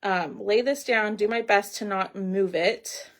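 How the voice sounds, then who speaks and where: A middle-aged woman hosts a casual craft livestream, chatting with viewers and reading their comments aloud as she works. Her voice is medium-pitched and her pace is measured.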